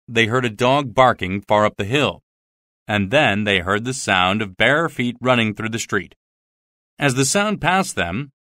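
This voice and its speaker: A man narrates a graded reader storybook with a lively, expressive delivery. His pitch moves a lot, and his tone is bright and crisp. The recording is dry and close, made in a studio. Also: dry recording. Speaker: audiobook narrator.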